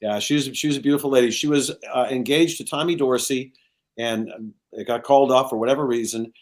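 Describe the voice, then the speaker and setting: A man's voice: medium pitch, quick pace. A man in his sixties, a show host, telling anecdotes in casual chat and slipping into other people's voices as he goes. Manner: animated storyteller who slips into other people's voices.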